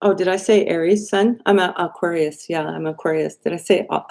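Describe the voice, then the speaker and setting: A woman hosting a live stream as an intuitive card reader, talking straight to her viewers in an animated way and often adding "right?". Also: lowish voice, a little fast, vocal fry. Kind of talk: live-stream tarot reading.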